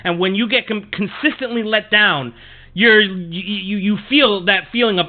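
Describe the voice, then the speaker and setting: A man's voice: high-pitched, normal speed. A man hosting a sports podcast, swearing often and ranting heatedly in a monologue. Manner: profane, heated, repetitive ranting. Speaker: podcast host. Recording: tinny phone-like audio.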